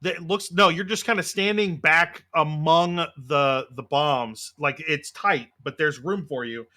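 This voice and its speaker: A male game master narrates a tabletop role-playing game in a loose, casual way, full of fillers. His voice is bright and sits slightly high. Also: a little slow.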